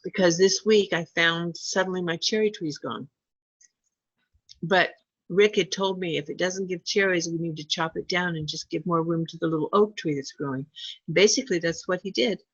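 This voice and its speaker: A woman's voice: on the low side, normal speed, slightly rough, dry recording, muffled recording. A woman telling a long personal story in casual chat, acting out what people said. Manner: chatty, animated when quoting people.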